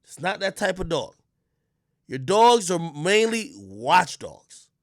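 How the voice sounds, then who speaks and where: A man from Jamaica talking casually on his livestream, telling stories with loud outbursts and quiet mutters, and swearing a lot. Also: sits high, slow pace, no echo, studio quality. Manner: animated storytelling, swings between loud outbursts and mutters; swears often. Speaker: livestream host.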